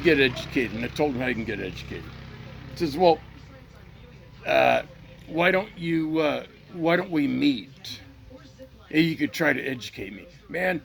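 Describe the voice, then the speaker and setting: Gravelly, heated middle-aged man ranting. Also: medium pitch. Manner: profane, heated, repeats himself. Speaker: channel host. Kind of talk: angry unscripted rant to camera.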